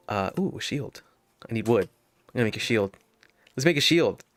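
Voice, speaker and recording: A man's voice: mid-range voice, lively intonation, normal speed, long pauses, no echo. A man telling a story while playing a game, rambling with many fillers and nervous laughs. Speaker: gaming video host. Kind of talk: casual gameplay commentary with storytelling.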